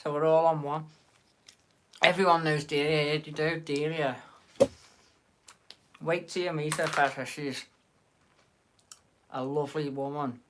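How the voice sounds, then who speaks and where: A man's voice: a little high, level tone, unhurried, long pauses, fairly bright tone, a little hiss or hum. A man with a Liverpool accent hosting a live stream, chatting and bantering casually with viewers in the chat. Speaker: livestream host.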